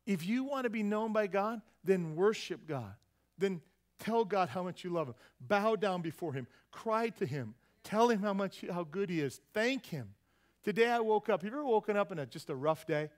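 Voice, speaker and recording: A male pastor preaches to his congregation in a fairly high voice. He keeps tossing questions out to the pews and drops in folksy, joking asides between points. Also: lively intonation, normal speed. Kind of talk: sermon. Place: church service.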